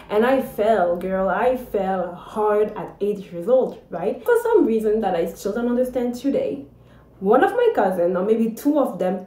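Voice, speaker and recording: Animated woman vlogger, echoey room. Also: mid-range voice. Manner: animated, dramatic, chatty with asides. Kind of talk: casual storytelling to camera.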